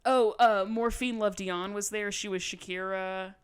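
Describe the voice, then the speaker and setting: A woman, co-hosting a podcast, telling a story in casual chat, animated and laughing, swearing freely. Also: medium pitch, unhurried, clear, resonant tone. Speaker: podcast co-host.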